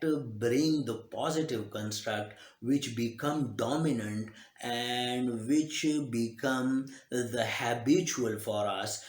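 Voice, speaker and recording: Slow, halting man in an echoey room. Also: mid-range voice. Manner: slow, halting delivery with many fillers and restarts. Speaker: self-help speaker. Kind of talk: live motivational talk.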